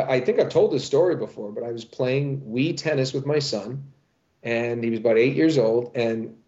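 Chatting in an interview, a middle-aged voice actor guest spins animated stories, often backing up to start over. The audio is dull, and his voice is medium in pitch.

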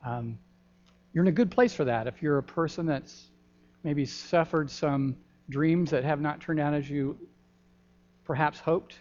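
Older pastor, dull lo-fi church recording. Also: male voice, a little high. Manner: folksy, gentle, pausing with ums. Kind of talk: children's sermon. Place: church sanctuary. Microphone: handheld microphone.

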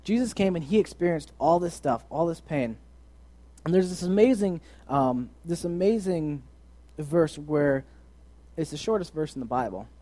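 A young man giving a casual, earnest sermon, moving between loud emphasis and quiet, soft asides. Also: a little high, lively intonation, moderate pace. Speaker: preacher.

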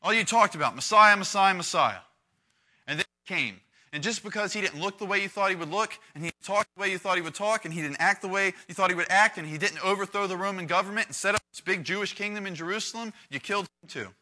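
A youth pastor preaching to a room of young people, a man with a fairly high, very bright and forceful voice. He keeps it conversational and jumps between quiet asides and loud, dramatic readings. He acts out the lines he reads with real energy. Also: fast. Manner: animated, conversational, acts out quotes with big swings in volume. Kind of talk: lively preaching to a youth group.

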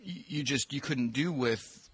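A man with a gravelly, slightly raspy, mid-pitched voice co-hosts a podcast. He talks in a chatty, self-deprecating way with frequent fillers, and the recording is dry with no room sound. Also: unhurried, no echo. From Michigan, US. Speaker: podcast co-host, school administrator. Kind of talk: casual chat. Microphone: desk microphone.

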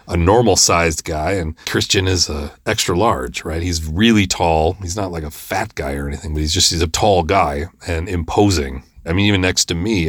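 A man with a low, deep voice tells a long story to a close, dry microphone. He talks casually, rambling and exasperated, with frequent fillers. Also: dry recording. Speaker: podcast host and filmmaker.

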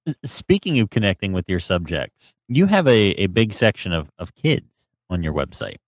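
A relaxed male podcast co-host with a fairly low voice and a lively pitch contour, asking a guest questions. The sound is dry and close. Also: normal speed, dry recording. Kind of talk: interview questions.

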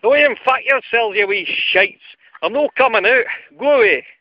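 A man voicing a grumpy, drunken Scottish clown who shouts rude insults, in a Scottish accent, on a lo-fi recording. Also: very high-pitched, moderate pace, dry recording, voice pushed up. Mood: snarling.

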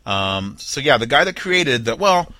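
Animated, bright-voiced man joking through news. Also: mid-range voice, measured pace, no room sound. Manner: wry, jokey asides while reading headlines; mock-dramatic voices for imagined people. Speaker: podcast host. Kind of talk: comedic news roundup.

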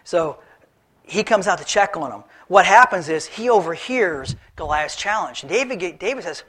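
A man preaching a sermon, retelling a Bible story in a lively, animated storytelling way. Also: high voice, normal speed. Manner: animated storytelling, acts out characters. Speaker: pastor.

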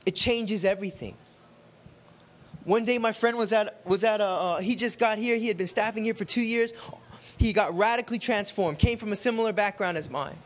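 Animated storytelling preacher, high-voiced man. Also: a little fast. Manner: animated, conversational, acts out quotes. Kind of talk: sermon with storytelling.

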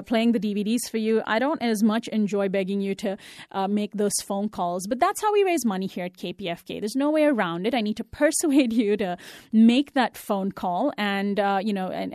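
Woman, radio host, pledge drive appeal, earnest, repetitive, somewhat high voice, dry close sound. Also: darkish tone, dry recording. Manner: earnest, repeats the phone number often, fills with uh and you know. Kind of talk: fundraising appeal on public radio.

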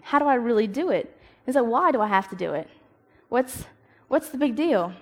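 A woman's voice: on the high side, lively intonation, moderate pace, darkish tone. Chatty young woman in a hall. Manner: chatty, storytelling, acts out her own inner dialogue. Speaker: youth speaker. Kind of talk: informal devotional talk. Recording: long reverb of a hall.

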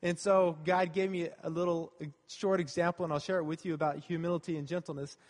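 High-voiced man preaching in a reverberant hall. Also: flat delivery, fast, a little mellow. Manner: earnest and conversational, repeating key phrases. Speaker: pastor. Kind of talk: sermon.

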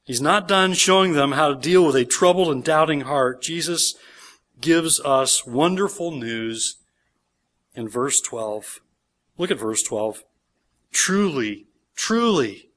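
A man's voice: fairly high pitch, a little slow, a bit bright. A man, a pastor, preaching a sermon in church, reading scripture aloud with emphasis and explaining it verse by verse.

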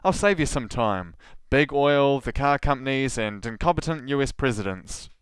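A man's voice: medium pitch, lively intonation, moderate pace, smooth, dry recording. A man hosting a podcast, reading a scripted solo monologue full of sarcastic, mocking asides. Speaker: podcast host.

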